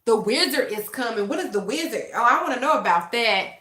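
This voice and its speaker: A young woman chats with her viewers on a livestream, high-pitched and animated, her voice swooping up and down. The tone is bright and the room is echoey. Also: a little fast. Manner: animated, laughs often, talks straight to chat. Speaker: tarot reader and livestream host. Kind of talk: casual livestream chat with viewers.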